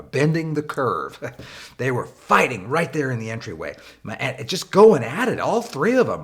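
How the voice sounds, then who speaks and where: A man teaching leadership through a personal story, talking conversationally with frequent fillers and wry emphasis. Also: fairly bright tone. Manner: rises in pitch for wry emphasis. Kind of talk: anecdotal storytelling lesson.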